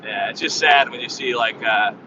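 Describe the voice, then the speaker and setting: A man talks on and on in a flat, level tone, full of fillers, as he drives. He sounds distant and muffled. Loud road noise runs underneath. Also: medium pitch, moderate pace. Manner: rambling, filler-heavy, flat tone. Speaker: vlogger driving a van. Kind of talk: casual chat while driving. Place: inside a moving vehicle on a highway.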